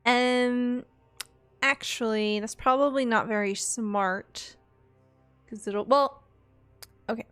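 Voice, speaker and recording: A woman's voice: a little high, fairly even intonation, slow pace, long pauses, a bit bright, faint music behind. A woman playing a tabletop game, thinking aloud hesitantly. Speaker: player.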